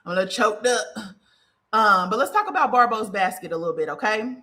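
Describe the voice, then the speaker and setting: A woman hosts a casual spiritual livestream. Her voice is bright and sharp, and she speaks emphatically, repeats her points and checks in with her listeners again and again. She is blunt and swears freely as she addresses them directly. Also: on the high side, lively intonation, brisk. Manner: emphatic and repetitive, often asking "okay?"; profane and blunt. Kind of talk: casual livestream talk to followers.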